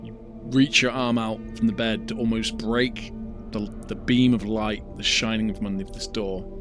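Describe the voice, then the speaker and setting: A man's voice: lowish voice, level tone, normal speed, over music. A man running a tabletop role-playing game as dungeon master, narrating scenes in vivid, ominous detail.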